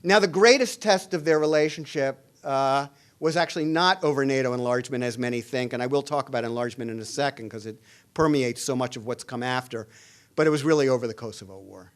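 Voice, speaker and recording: A middle-aged man giving a public lecture as an international relations professor, speaking in a measured way with frequent "uh" fillers and restarts. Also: mid-range voice. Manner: reads quoted dialogue aloud with added emphasis. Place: lecture hall at a public forum.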